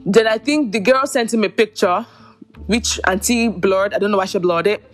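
A woman's voice: medium pitch, normal speed, faint music behind. A woman hosting a podcast, giving exasperated, incredulous commentary on online drama and talking straight to her listeners. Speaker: podcast host. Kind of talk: commentary on social media drama.

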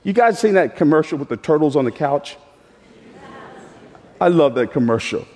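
A man preaching a sermon as pastor, with emphatic delivery that leaps into high, animated voicing. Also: normal speed. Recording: echoey hall with long reverb.

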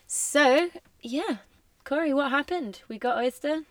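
A woman's voice: high voice, no room sound. A woman co-hosting a podcast in casual chat, playful and teasing. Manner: playful, teasing, quick laughs. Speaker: podcast co-host.

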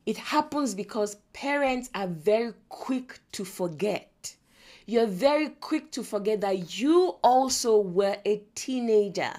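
A woman in her forties with a Nigerian English accent hosts a faith-based parenting podcast. She tells stories in an animated way, acting out the lines of the people in them. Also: mid-range voice, a little slow. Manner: animated storyteller who acts out quotes and laughs often. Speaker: podcast host.

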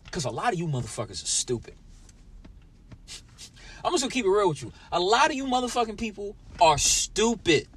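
In a high-sitting voice over slight background noise, a young man hosts a profane solo podcast. He rants straight at his listeners, swearing a lot, his mood sour and angry.

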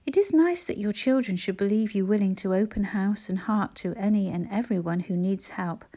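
A woman reading a classic children's story aloud with gentle, measured narration. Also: mid-range voice. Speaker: audiobook reader.

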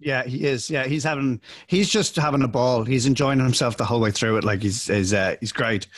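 A man's voice: medium pitch, a little fast, no room sound. A young actor co-hosting a podcast in casual chat, rambling and often restarting his sentences.

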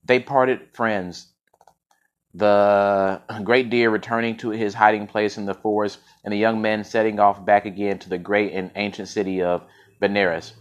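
A man's voice: lowish voice, level tone, measured pace, lo-fi sound. A man reading a fable aloud for a podcast, often tripping over words and correcting himself, with casual slangy asides. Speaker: podcast storyteller. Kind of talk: story reading with casual commentary.

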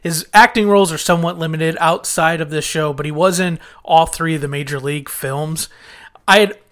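A man's voice: a little high, moderate pace, fairly bright tone. Chatty man recapping a sitcom episode. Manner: chatty, retelling scenes with quoted lines and small restarts. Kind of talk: casual recap commentary.

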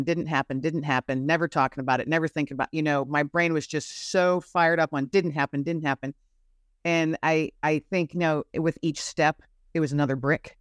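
A woman's voice: deep voice, dry recording, studio quality. A middle-aged woman giving an earnest, emotional personal testimony as an interview guest, her voice rising as the story grows intense. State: teary-eyed.

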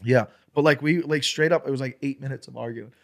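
A man's voice: mid-range voice, fast, creaky. A young man, a stand-up comedian, talks through an anecdote in loose, casual podcast chat. He swears freely and acts out each exchange in a raised, heated voice, then drops back to an easy conversational tone. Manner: profane, animated, acts out quotes in raised voice.

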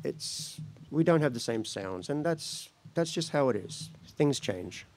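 Slow-speaking man telling his heritage. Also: on the high side, animated, slight background noise. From Australia. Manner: slow, reflective, laughs between phrases. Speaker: speaker at a gathering. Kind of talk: personal spoken-word talk.

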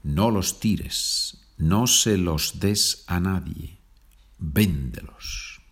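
Brief Male podcast language teacher, deep husky voice, patient and chatty. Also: lively intonation. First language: Spanish. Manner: slow deliberate example sentences, chatty asides ending in "okay?".

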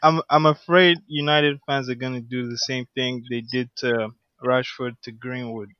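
A man co-hosting a relaxed podcast, talking hesitantly at a mid pitch with plenty of restarts and "um"s. His audio sounds slightly dull and lo-fi. The sound is dry. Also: normal speed, dry recording. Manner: hesitant, stammering with many "um"s. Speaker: podcast co-host. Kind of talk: casual chat.

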